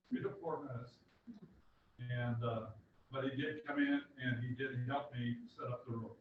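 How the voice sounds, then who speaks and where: Relaxed man, distant echoey room. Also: mid-range voice, a little hiss or hum. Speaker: club member. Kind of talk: casual announcements. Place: meeting room. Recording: echoey room from far off, dull.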